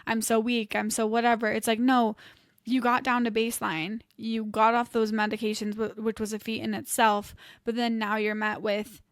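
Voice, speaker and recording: A woman's voice: on the high side, level tone, normal speed, no room sound, clean studio sound. A woman co-hosting a podcast, encouraging and reassuring her friend in casual talk. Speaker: podcast co-host. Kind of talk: supportive casual chat.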